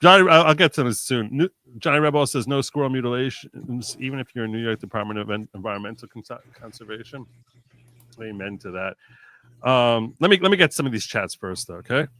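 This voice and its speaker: A man's voice: mid-range voice, a little fast, sharp tone, no echo. A man hosting a casual live stream, reading viewers' jokes aloud and reacting to them.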